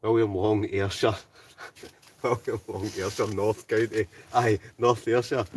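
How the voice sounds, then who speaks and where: A man's voice: fairly low pitch, flat delivery, a little slow, recorded from a distance, a little hiss or hum. A Scottish man hosting a live stream from inside a hot tent, chatting casually and reading out viewer comments, often ending lines with "right?". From Scotland. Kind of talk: casual live-chat banter.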